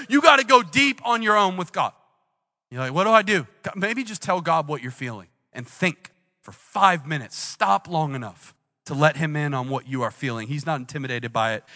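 A man preaching a sermon on a church stage, moving between hushed, intimate passages and loud, emphatic pleading. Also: high voice, big-room sound. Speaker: pastor. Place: church auditorium.

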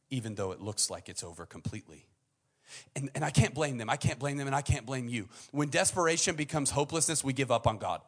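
A young adult man preaching a sermon in a conversational way, acting out the people in the story and swinging from quiet, low asides to loud, high-pitched bursts. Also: lively intonation, fast.

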